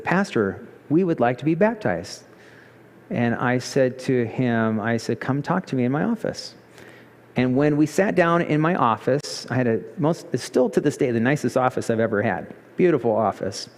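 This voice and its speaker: A male pastor preaching a sermon, telling a story with lively emphasis and pitch jumps. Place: church sanctuary. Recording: church hall reverb.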